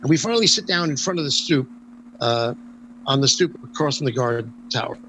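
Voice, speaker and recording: A man's voice: medium pitch, a little fast, a little hiss or hum, poor audio. An older man, a guest in an interview, telling long anecdotes and acting out the voices in them. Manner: animated storyteller, acts out quoted dialogue. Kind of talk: storytelling anecdotes in a casual interview.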